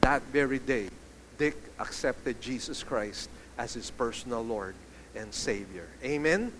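A man preaching a sermon to a congregation, animated, asking the listeners questions and telling stories. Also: medium pitch, a little slow, slight background noise. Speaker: pastor.

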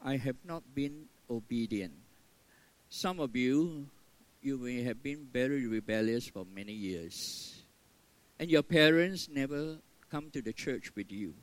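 An older man, a pastor, preaching an earnest sermon, stressing key words and then dropping to a soft, quiet tone. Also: medium pitch, animated, measured pace, no echo, rough recording.

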